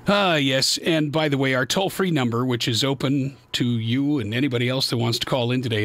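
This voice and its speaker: A man's voice: medium pitch, a little fast, few pauses, fairly bright tone, dry recording. A man hosting a live call-in radio talk show from his studio, rambling and openly exasperated about his equipment. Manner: exasperated, rambling, self-deprecating. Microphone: studio microphone.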